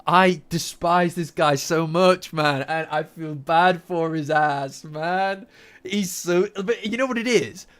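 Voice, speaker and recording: A man hosting a casual manga reaction, animated and profane, repeating lines for emphasis. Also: on the high side, slow, clear, resonant tone. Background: faint lofi background music.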